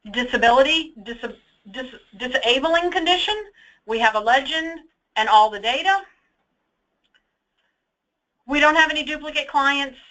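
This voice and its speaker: A woman with a bright, high-sitting voice leads a software webinar as a data trainer, walking through a screen share. She's chatty and emphatic, often checking in with "okay?", and her computer mic gives a rough recording.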